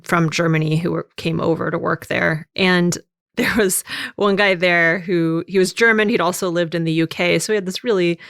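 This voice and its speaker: A woman's voice: on the low side, smooth, no room sound, clean studio sound. An American woman hosting a podcast in casual chat, laughing often as she talks. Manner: laughs often while talking. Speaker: podcast host.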